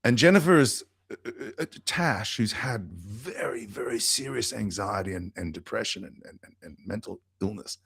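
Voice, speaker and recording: Deep, husky man telling a story. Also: animated, moderate pace, fairly bright tone, no room sound, clean studio sound. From Australia. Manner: heartfelt, with many restarts and fillers. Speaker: guest. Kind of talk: storytelling on a podcast.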